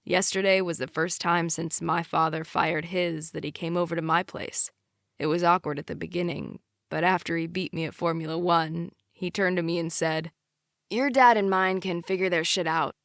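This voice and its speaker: Woman, audiobook narrator, steady storytelling, low voice, dry close sound. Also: normal speed, gravelly, no echo. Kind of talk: first-person romance audiobook narration.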